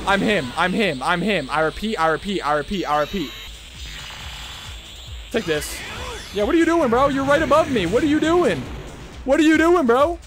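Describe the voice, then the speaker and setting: A young man commentating his gameplay live with a high, wildly swinging voice. He is excitable and trash-talks with plenty of swearing. Clear game music plays under him. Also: normal speed, pauses often. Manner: excitable, profane trash talk. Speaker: gaming streamer.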